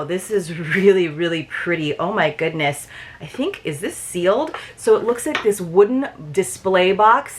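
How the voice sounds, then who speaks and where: A woman's voice: fairly low pitch, fairly bright tone, a little hiss or hum. A woman chatting casually to viewers as she unboxes and admires items at her desk, thinking aloud as she goes. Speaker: subscription box reviewer. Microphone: desk setup.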